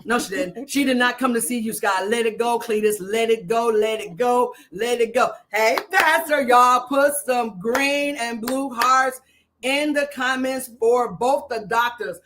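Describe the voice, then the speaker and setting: A woman minister hosting a casual live stream, excitable and talkative, who often repeats herself and greets viewers by name. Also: fairly high pitch, unhurried, background noise.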